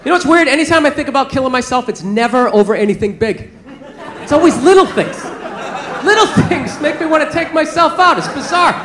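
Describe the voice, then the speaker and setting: A man from the American South doing a stand-up routine, telling stories in a loud, exasperated way. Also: very high-pitched, expressive, brisk, a crowd in the background, noisy background. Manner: loud, exasperated storytelling with rants. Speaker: stand-up comedian. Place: comedy club stage. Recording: echoey club with audience laughter. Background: audience laughing.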